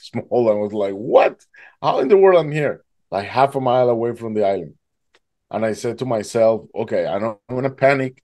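Dark-voiced man. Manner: animated, acts out his own past voice rising high in panic. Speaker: guest telling his story. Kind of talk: emotional storytelling.

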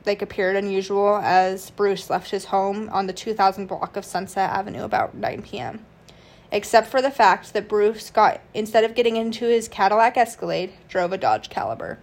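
A woman's voice: mid-range voice, moderate pace. Casual woman narrating true crime. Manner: casual, reads from notes with fillers and restarts. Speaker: podcast host.

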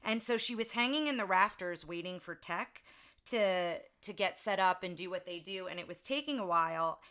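A woman's voice: on the low side, moderate pace, a bit bright, smooth. A woman co-hosting a casual podcast, telling film trivia in a chatty, storytelling way. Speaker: podcast co-host.

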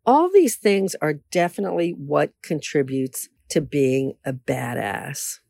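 Brief: woman podcast host, frank and self-assured, lively swooping pitch, dry close recording. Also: measured pace, gravelly, dry recording. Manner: candid, animated, self-assured. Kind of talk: casual solo podcast.

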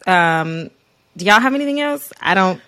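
A woman's voice: medium pitch, lively intonation, moderate pace, pushed and bright, no room sound. A woman in her thirties co-hosting a podcast, chatting casually with playful, sassy quips. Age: 30s. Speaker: podcast co-host. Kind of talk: casual chat.

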